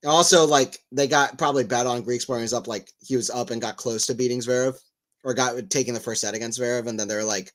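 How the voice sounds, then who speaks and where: A man's voice: mid-range voice, steady tone, fast, a bit bright. A man giving casual live play-by-play tennis commentary, chatting and rambling between rallies and lifting his voice on big points.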